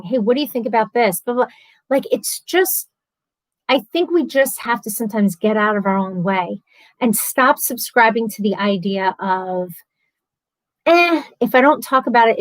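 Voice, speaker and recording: A woman's voice: fairly high pitch, measured pace, no echo, rough recording. A woman hosting a live stream from home, chatty and earnest, talking casually and openly at length. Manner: chatty and earnest, talks a lot.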